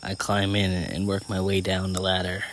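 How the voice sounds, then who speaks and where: A man narrating a first-person story in a steady way, with small slips and restarts. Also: low voice, moderate pace, slight background noise.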